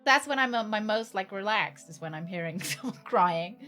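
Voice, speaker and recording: A woman's voice: medium pitch, expressive, moderate pace, bright, forceful tone, soft background music. A woman streamer chatting playfully and laughing often during a gameplay stream. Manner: giggly, chatty and playful, talks to chat. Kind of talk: casual gameplay commentary.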